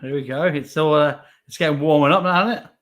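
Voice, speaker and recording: A man's voice: fairly high pitch, fast, fairly bright tone. A man co-hosting a casual live chat show, easygoing with self-deprecating banter. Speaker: co-host.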